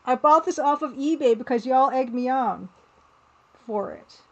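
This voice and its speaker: A woman's voice: sits high, unhurried, lo-fi sound. A woman livestreaming as an artist, chatting casually and playfully, with easy laughter. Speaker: livestreaming artist and game developer.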